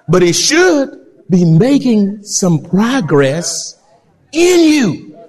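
A male pastor preaching an animated sermon. He acts out voices and breaks into shouts. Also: extremely high pitch.

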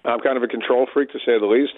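A man's voice: mid-range voice, fairly even intonation, quick pace. A man in his sixties, a touring band member, chatting in a phone interview, telling stories and acting out dialogue. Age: 60s. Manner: storytelling, chatty, acts out dialogue. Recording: tinny phone line.

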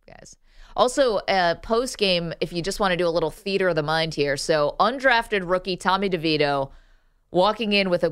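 A woman's voice: on the low side, fairly bright tone, clean tone. Chatty woman co-hosting sports radio. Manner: quick, chatty, laughs often. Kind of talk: casual sports talk.

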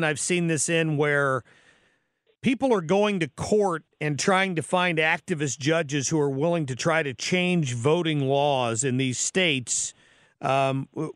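A man's voice: a little high, a bit bright, no room sound, studio quality. Chatty man hosting talk radio. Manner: casual, chatty, frequent restarts. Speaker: radio talk show host. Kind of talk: radio talk show interview. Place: radio studio.

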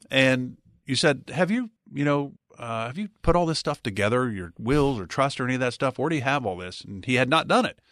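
A man's voice: medium pitch, dry recording. A man hosting a financial radio show, talking up retirement planning in a promotional way. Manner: lively, promotional, repeats phone number. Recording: dry studio sound.

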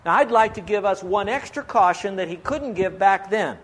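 An earnest pastor with a notably high voice for a man preaches from a church pulpit. He pleads with his listeners and presses them with questions, lifting and dropping his pitch in a lively way. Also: normal speed. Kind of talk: sermon.

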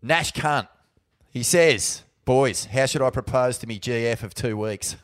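A man's voice: mid-range voice, a little slow. An Australian man co-hosting a podcast in casual chat, laid-back, with fillers, restarts and swearing. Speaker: podcast co-host.

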